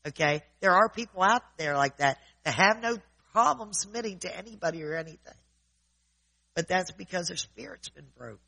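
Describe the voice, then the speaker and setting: A man's voice: high voice, lively intonation, moderate pace, creaky, bright, forceful tone, low-quality recording. A man preaching informally in a conversational way, often checking in with his listeners.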